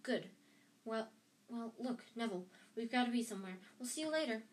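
Young schoolboy hero, short and sharp, keeps it hushed, lady reading aloud. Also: a little high, animated, fairly quick, a little hiss or hum, close to an everyday voice. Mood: urgent.

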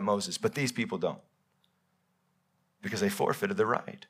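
Male pastor, live sermon, bright tense tone, dramatic loud-to-quiet swings. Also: expressive, moderate pace, long pauses, breathy edge. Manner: swings between loud emphatic peaks and quiet low passages; voices God and Bible figures in quoted speech. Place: church.

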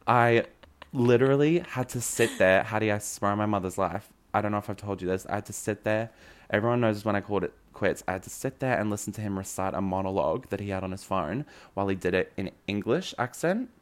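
A man's voice: on the low side, quick pace. A man, telling a dating story in a dramatic, gossipy way with lots of swearing. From Australia. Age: early 20s. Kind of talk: casual gossipy chat.

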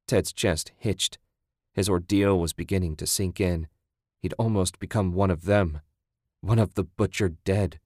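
A man with a very low, deep voice narrates a horror story. His reading is steady and measured. The sound is dry and close with no room echo.

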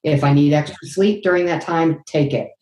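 A middle-aged woman with a low-pitched voice speaks earnestly and candidly as an interview guest. She acts out lively quotes as she talks. Her voice rings in an echoey room. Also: moderate pace. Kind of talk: faith-based interview answer.

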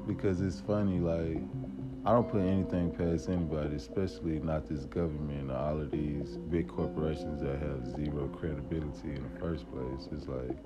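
A man's voice: extremely low pitch, fairly even intonation, normal speed. A man hosting his own show, talking in a casual, rambling way, full of "like" and "y'all". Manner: loose, filler-heavy, says "like" and "y'all" often. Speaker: podcast host. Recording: dull lo-fi audio with loud music behind.

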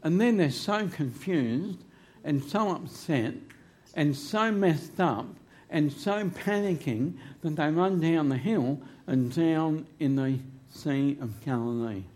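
A man's voice: a little high, lively intonation, slow pace, hardly any pauses, darkish tone. A man preaching a sermon in church into a microphone, emphatic and humorous, drawing his phrases out. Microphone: handheld microphone.

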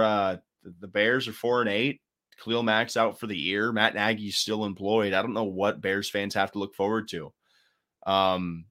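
A man's voice: on the low side, fairly bright tone. A man co-hosting a casual sports talk show, rambling and joking with lots of fillers and restarts. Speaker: podcast co-host.

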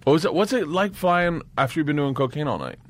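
A comedian guest telling rambling, profane travel stories on a casual podcast, breaking into loud laughter. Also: male voice, on the high side, animated, fast talker.

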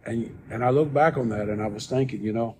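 Man, podcast guest, soft-spoken, mellow dark voice, rambling restarts, faint hiss behind. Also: medium pitch, a little fast. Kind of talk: casual storytelling.

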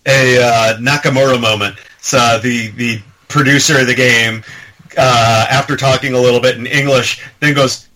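A man co-hosting a podcast, chatting casually about game trailers, rambling and halting with many fillers. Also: medium pitch, fairly even intonation, sharp tone, rough recording. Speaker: podcast co-host.

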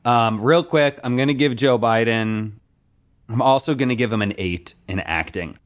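Two friends riff on a podcast, and this man, with his middle-pitched voice, keeps swearing, joking and laughing as he hands out scores. He talks with plenty of energy and an easy, casual delivery. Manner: profane, animated, quick to laugh. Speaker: podcast co-host. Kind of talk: casual comedic chat.

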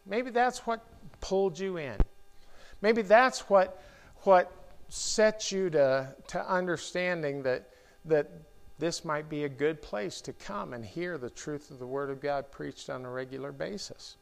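A middle-aged man preaching a sermon in a church, talking in a slow, halting way with many restarts and fillers. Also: fairly high pitch, vocal fry. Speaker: pastor.

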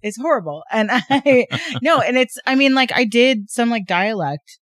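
A woman's voice: on the high side, expressive, moderate pace, dry recording. A woman co-hosting a podcast in casual chat, chatty and giggly with lots of fillers. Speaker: podcast co-host.

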